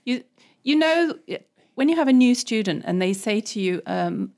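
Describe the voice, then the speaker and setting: A woman's voice: mid-range voice, lively intonation, moderate pace, a little mellow. A middle-aged woman from England with an English accent, a teacher chatting as a podcast guest and mimicking other people's voices. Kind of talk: casual conversation.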